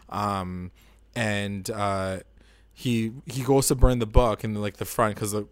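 A man's voice: lowish voice, steady tone, slow, smooth, dry recording. A man co-hosting a casual recap chat, rambling and opinionated, filling his talk with "like". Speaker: podcast co-host.

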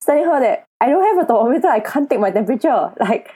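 A young woman co-host chats in a warm, mellow voice. She talks in an animated, rambling way, full of fillers as she tells her stories. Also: a little high, quick pace, slightly rough, rough recording. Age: young adult. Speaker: podcast co-host. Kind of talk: casual chat.

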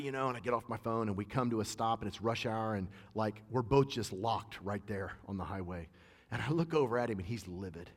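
A man's voice: fairly low pitch, brisk. Man preaching in a reverberant church hall. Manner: conversational, emphatic preaching with personal stories. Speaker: pastor. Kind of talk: sermon. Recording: long reverb of a large hall.

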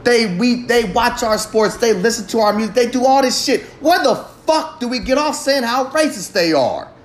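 A man with a high-set voice rants through a fiery monologue. He swears constantly and hammers every point hard. The sound comes back off the walls of a roomy, echoey space. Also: expressive, moderate pace, slight background noise. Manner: heavily profane, ranting, emphatic. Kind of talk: impassioned monologue. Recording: roomy echo.

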